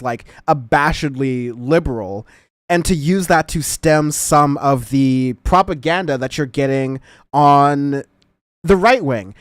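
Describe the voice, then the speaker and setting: A man's voice: medium pitch, clear, resonant tone, no room sound, clean studio sound. A man hosting a casual political commentary show, rambling and laughing as he talks. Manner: rambling, laughing, self-interrupting. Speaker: show host.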